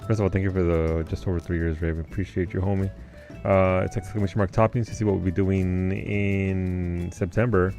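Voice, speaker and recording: A man's voice: sits low, little pitch movement, brisk, dark tone, faint music behind. A man live-streaming who chats casually with his viewers, laid-back, greeting people by name and swearing now and then. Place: home basement.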